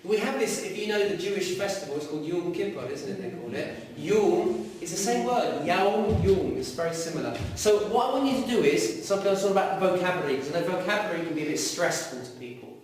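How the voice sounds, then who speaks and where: A man teaching a class, lively and quizzing his students. His voice sits fairly high for a man. It is recorded from a distance in a very echoey room. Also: fast, hardly any pauses, slight background noise. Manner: lively, asks students questions. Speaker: Arabic teacher. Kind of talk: classroom lecture. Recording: echoey room, mic far off.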